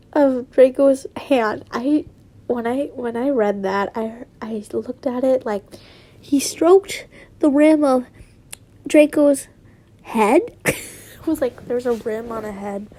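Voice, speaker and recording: Woman reading fan fiction, high mellow voice, slow, giggly asides. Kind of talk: casual story reading with asides.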